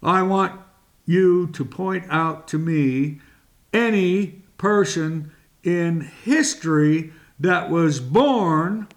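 A man preaching a sermon in a deliberate, emphatic way, with long pauses between phrases. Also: a little high.

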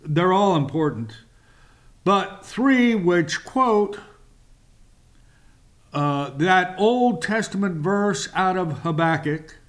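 A man hosting a Bible teaching show, speaking in a measured, emphatic way with long pauses and fillers. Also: high voice, lively intonation. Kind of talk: slow, deliberate Bible teaching.

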